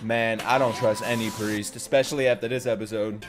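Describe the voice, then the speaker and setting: A man hosting an anime reaction, excitable, laughing often and swearing freely in casual commentary. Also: fairly low pitch, brisk, music in the background.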